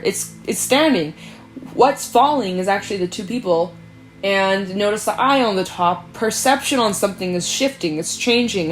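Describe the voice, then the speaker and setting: A woman giving a casual tarot reading, chatty and animated, swearing freely and acting out quoted voices. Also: mid-range voice. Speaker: tarot reader. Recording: faint background music.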